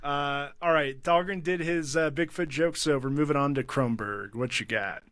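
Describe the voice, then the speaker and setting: A man hosting a casual comedy podcast, calling on comics in turn with brisk, approving quips. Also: on the high side, a bit bright. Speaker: host.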